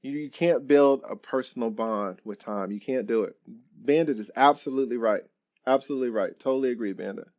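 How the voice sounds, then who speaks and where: A man's voice: mid-range voice, brisk, a little mellow, lo-fi sound. A man who is an attorney, hosting a live stream Q&A and answering viewers in an emphatic, repetitive, preachy way.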